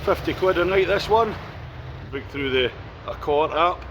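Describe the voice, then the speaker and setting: A Scottish man narrates a casual travel vlog, chatting as he tours and commenting along the way. His voice sits on the high side at a measured pace, with a noisy background and loud music playing behind him.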